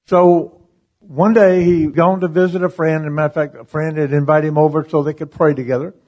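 A man preaching a sermon through a story, animated and chuckling between lines as he acts out the voices. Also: fairly high pitch, quick pace.

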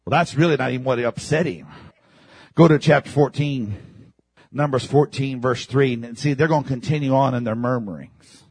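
A man preaching a sermon as pastor, swinging from shouted passages to hushed, low delivery. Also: moderate pace, slightly rough, no echo.

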